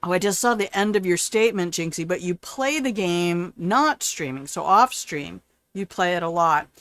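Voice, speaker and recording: A woman's voice: lowish voice, animated, normal speed, a bit bright, dry recording. An older woman hosting a live game stream, chatting playfully and answering her chat as she plays.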